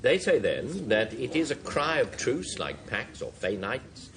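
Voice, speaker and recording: A man hosting a panel word game, with measured, drawn-out phrasing. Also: mid-range voice, sing-song. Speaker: quiz show host. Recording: studio audience and hiss behind. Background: studio audience.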